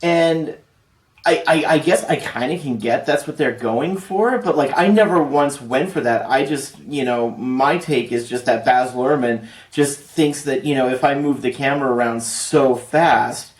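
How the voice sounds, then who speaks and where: A man's voice: mid-range voice, measured pace. A man giving a casual, rambling spoken movie review, full of fillers and restarts. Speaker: film reviewer. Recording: roomy echo, distant from mic.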